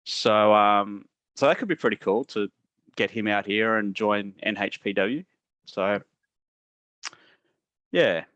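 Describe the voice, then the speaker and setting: Australian man hosting, bright dry voice. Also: lowish voice, slow, long pauses, no room sound, highs cut off. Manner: reads out listener questions and answers at length. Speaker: podcast host. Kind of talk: casual podcast chat.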